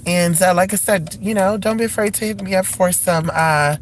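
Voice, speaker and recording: A man's voice: sits high, normal speed, slight background noise. A man live-streaming from his car, chatty and flamboyant, calling everyone honey, swearing freely and gushing. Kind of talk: casual live-stream chat while driving. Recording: loud music over the voice. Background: loud music.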